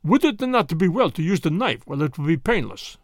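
An anxious, imperious merchant husband, as the man narrating puts him on, pressing his demands in a storybook reading. He sounds urgent and forceful, his voice pitched a little high with a swinging, lively pitch. The sound is dry and close. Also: a little fast, no echo.

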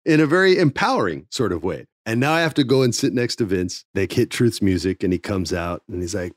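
A man, a former wrestling TV writer, telling a casual backstage story with lively acted-out quotes and free swearing. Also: lowish voice, fairly quick, few pauses, no echo, studio quality. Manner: animated, swears freely, acts out quotes.

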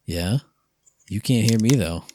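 A man's voice: on the low side, measured pace, darkish tone, slight background noise. A man chatting and joking with a friend over a headset, swearing and breaking into sing-song bits. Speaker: streamer in a voice chat. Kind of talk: casual chat with a friend.

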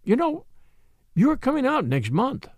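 A man voicing a spoiled, wealthy young American woman who speaks with strained, forced brightness in a storybook reading. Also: extremely high pitch, wildly swooping pitch, measured pace, dry recording, studio quality, pitched above the performer's own voice, heavily acted. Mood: tense.

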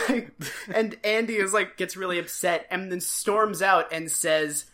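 A woman's voice: fairly low pitch, steady tone, a little slow, fairly bright tone. A woman co-hosting a casual podcast recap, sarcastic, and acting out quotes in exaggerated voices. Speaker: podcast co-host.

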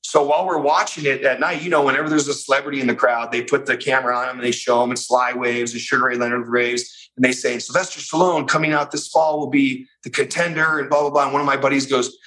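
Middle-aged male guest, bright voice, chatty storyteller with lots of "you know"s. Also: medium pitch, rough recording. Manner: animated, fast-paced anecdote with many fillers. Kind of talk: storytelling in a casual interview.

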